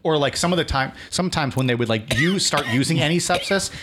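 This podcast host's voice sits a little high, with fast delivery, lively inflection, and some background noise. He narrates a history outline, then slips away from it into rambling chatter heavy on "like."

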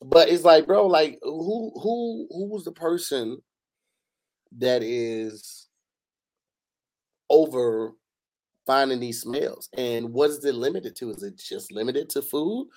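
A man's voice: medium pitch, slow, pauses often, a little mellow. A man co-hosting a podcast in casual chat, slangy and emphatic, often checking that the listener agrees. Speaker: podcast co-host.

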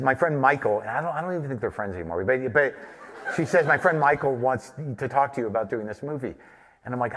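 A man's voice: mid-range voice, background noise. A man from New Mexico, a guest at a live podcast taping, telling a long, rambling, profane story. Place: live stage taping before an audience. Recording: long hall reverb.

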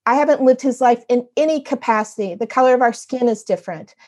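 Woman, fairly high voice, earnest and emotional, halting storytelling, podcast guest. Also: darkish tone. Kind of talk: heartfelt personal storytelling.

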